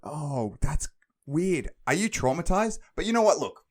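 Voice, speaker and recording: A man's voice: on the high side, sing-song, unhurried. A young man co-hosting a podcast, playing along with mock-sincere questions and frequent laughter. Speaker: podcast co-host. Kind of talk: comedic podcast banter.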